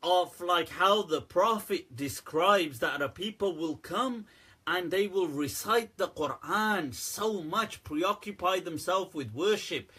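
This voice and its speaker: A man with a slightly husky voice that sits a little high for a man hosts a relaxed livestream Q&A. He talks to his viewers in a candid, animated way and breaks into laughter often. His commentary sounds loose and conversational rather than scripted. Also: slow. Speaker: host answering viewer questions.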